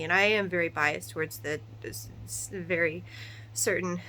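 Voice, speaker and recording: A woman in her thirties, a mother of three, venting in a casual, animated monologue to camera with quick asides and rhetorical questions. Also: lowish voice, slight background noise, low-quality recording.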